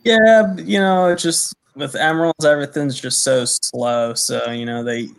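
A man's voice: on the high side, fairly even intonation, moderate pace, vocal fry. A man chatting casually as a podcast guest, rambling with lots of "you know" and "uh". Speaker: podcast guest, snake keeper. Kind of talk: casual chat.

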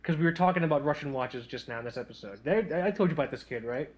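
A man with a slightly higher voice than most, co-hosting a loose podcast chat. He rambles through his story, swears freely, and pokes fun at himself. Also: fast, highs cut off. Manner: rambling, profane, self-deprecating storyteller. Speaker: podcast co-host. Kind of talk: casual chat.

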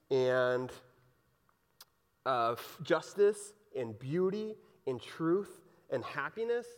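A man's voice: on the high side, big-room sound. A man preaching a sermon in a casual, conversational way, retelling scripture in everyday speech. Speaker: pastor.

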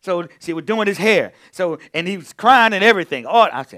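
Male pastor, conversational sermon delivery with emphatic swells, slightly higher voice. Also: very animated, brisk. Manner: conversational preaching, swings between quiet storytelling and loud emphatic points.

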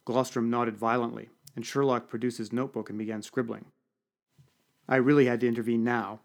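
A man's voice: mid-range voice, little pitch movement, a little fast, gravelly. A man giving a dry, wry first-person audiobook narration.

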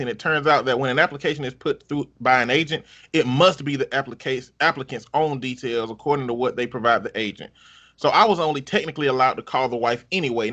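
Bright-voiced man reading stories aloud. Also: medium pitch. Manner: wry, laughing, profane. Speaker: podcast host reading online stories. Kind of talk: casual story reading.

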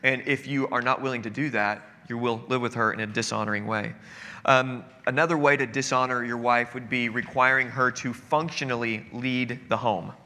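A man preaching in a church sanctuary, earnest and conversational, slipping into casual asides. His voice is strikingly bright and forceful. Long reverb hangs in the hall around him. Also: mid-range voice, steady tone, moderate pace. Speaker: pastor. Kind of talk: sermon.

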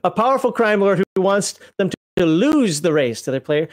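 A co-host in a relaxed chat who reads rulebook entries aloud and breaks off into laughs and jokes. The pitch sits in the middle, and the talk is easy and unhurried. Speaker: co-host reviewing a game book.

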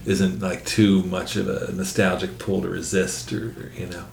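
Male host, deep with vocal fry, reflective and halting, recorded in an echoey room. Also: little pitch movement. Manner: reflective, halting, laughs along. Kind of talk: casual conversation. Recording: echoey room with faint noise.

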